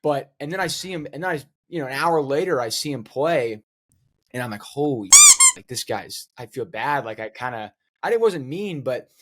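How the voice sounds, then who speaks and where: A man, a pro player and guest co-host, telling a rambling, animated story on a casual podcast. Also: medium pitch, a little fast. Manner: rambling, animated anecdote with many fillers.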